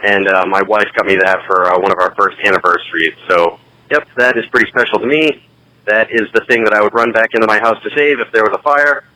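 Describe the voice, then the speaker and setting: A man with a low but bright, forceful tone rambles through a laid-back call-in message. He is crude and joking. The sound has a radio-like processed edge. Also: fairly even intonation, brisk, no room sound, poor audio. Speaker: podcast co-host calling in. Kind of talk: casual recorded call-in message.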